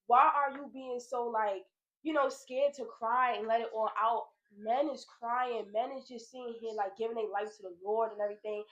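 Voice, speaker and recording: A young woman telling a personal story in a casual chat with her sister at home, animated and laughing often. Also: fairly high pitch, normal speed, muffled recording. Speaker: vlogger, big sister. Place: home, pajama night.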